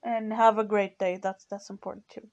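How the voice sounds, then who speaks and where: A teenage girl hosting her own podcast in a casual, hesitant way, soft-spoken and apologetic, filling pauses with "you know". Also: medium pitch, level tone, dull audio. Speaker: podcast host. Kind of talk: casual solo podcast talk.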